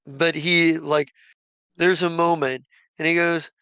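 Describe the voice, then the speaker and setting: A man's voice: on the high side, little pitch movement, slow pace, pushed and bright, smooth, no room sound. Rambling man running a tabletop game. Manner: rambling, many restarts and fillers. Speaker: game master.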